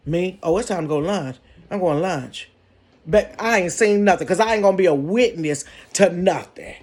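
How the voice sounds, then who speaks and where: Sassy, animated woman telling a story. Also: mid-range voice. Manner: sassy, animated, talks to viewers as "baby" and "honey". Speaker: storytelling vlogger. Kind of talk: casual storytime. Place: bedroom.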